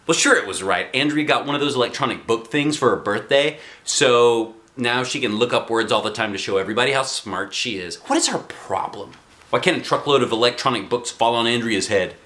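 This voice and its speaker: A man reading a children's book aloud as a dad, in an expressive, playful way. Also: mid-range voice, a little fast. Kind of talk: storybook read-aloud.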